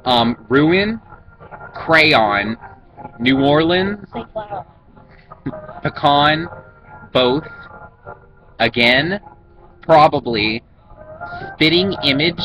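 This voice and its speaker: A man's voice: on the high side, low-quality recording. A young man chatting casually to a vlog camera in a rambling, self-conscious way. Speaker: YouTuber. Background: music playing in the background.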